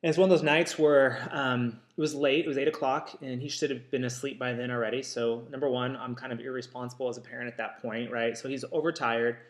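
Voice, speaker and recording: A man's voice: medium pitch, steady tone, a little fast, hardly any pauses. Reflective man talking, echoey room. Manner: reflective, many ums and restarts. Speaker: author and counselor. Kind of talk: casual talk to camera.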